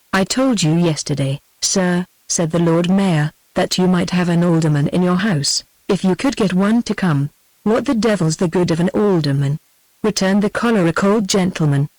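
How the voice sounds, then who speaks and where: A synthetic text-to-speech voice reading a classic novel aloud in a flat, even manner, speaking punctuation marks as words. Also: medium pitch, dry recording, poor audio. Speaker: audiobook narrator. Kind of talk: scripted narration.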